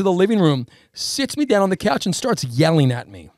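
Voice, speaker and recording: A man with a gravelly, raised voice tells a story in casual podcast chat. He throws himself into it, acting out the other people's lines. The sound is dry and close, with no room around it. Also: sits high, quick pace, few pauses, no echo. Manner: animated storyteller, acts out voices in quotes. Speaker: podcast co-host.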